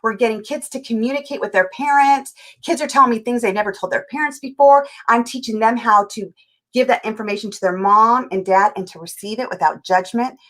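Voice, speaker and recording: A woman's voice: fairly high pitch, fairly quick, fairly bright tone. A woman from California, a life coach and interview guest, talking energetically and acting out little scenes in quoted voices. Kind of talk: animated interview talk.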